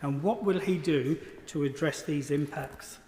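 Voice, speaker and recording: Hoarse male opposition spokesman. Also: fairly high pitch, a little slow, warm tone, a little hiss or hum. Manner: pointed, challenging questioning. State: hoarse, losing his voice. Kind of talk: parliamentary question. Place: debating chamber. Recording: echoey chamber with faint ambience.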